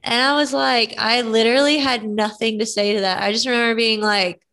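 Young woman, podcast host, chatty and animated, clear bright tone. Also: a little high, fairly quick. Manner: animated storytelling, lots of fillers. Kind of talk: casual chat.

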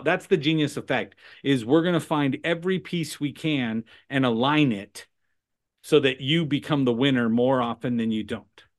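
A man talking as a sales trainer guest in a podcast conversation, animated and punctuating points with "right?" and "okay?". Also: medium pitch. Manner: animated, acts out phone calls in put-on voices.

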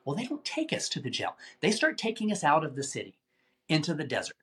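A man telling a tense story as an interview guest, animated and given to repeating words as he talks. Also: on the high side, fast talker. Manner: animated, acts out quoted voices, repeats words.

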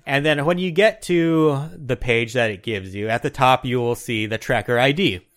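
A man's voice: medium pitch, moderate pace. A man co-hosting a casual gaming podcast, explaining things in a laid-back way and slurring his words together a bit. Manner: self-described mumbler, relaxed explaining. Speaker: podcast co-host.

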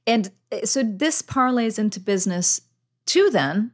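A woman's voice: medium pitch, lively intonation, unhurried. Woman, podcast host, reflective, affirming, conversational. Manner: reflective, affirming listener who sums up ideas. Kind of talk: conversational interview.

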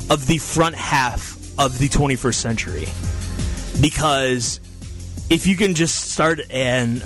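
A man's voice: mid-range voice, a bit bright. A man delivering a scornful, mocking scripted rant segment on a podcast. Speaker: segment host.

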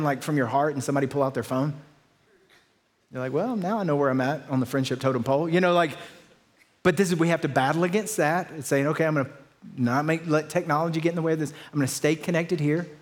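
A middle-aged man, a pastor, preaching a sermon with stories and self-deprecating humor that build to excited peaks. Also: on the high side.

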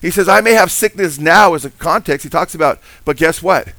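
A middle-aged man, a pastor, preaching a sermon with animated emphasis and call-and-response questions to the congregation. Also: a little high, fairly quick, no echo.

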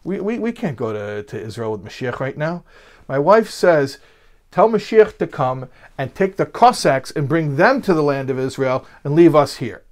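A man's voice: medium pitch, sing-song, normal speed, darkish tone, natural voice. A man doing a simple, anxious innkeeper. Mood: anxious pleading. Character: simple, bewildered old-world male innkeeper.

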